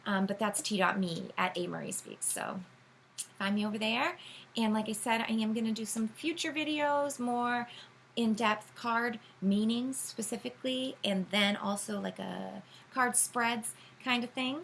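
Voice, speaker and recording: A woman's voice: a little high, measured pace, creaky, a bit bright, a little hiss or hum, rough recording. Rambling woman explaining tarot basics. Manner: rambling, filler-heavy, self-correcting. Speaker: tarot reader. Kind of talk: casual teaching monologue.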